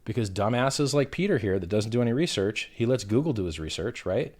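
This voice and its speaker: A man's voice: on the low side, expressive, a little fast, darkish tone. A man being interviewed on a livestream, combative and profane, who hurls insults while defending himself. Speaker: interview guest.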